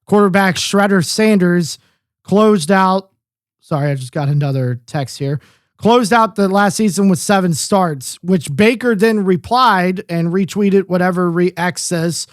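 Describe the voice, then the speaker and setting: A man's voice: sits high, unhurried, dry recording, studio quality. A man co-hosting a sports podcast, talking casually with lots of swearing and filler words. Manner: profane, rambling, lots of fillers. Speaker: podcast co-host.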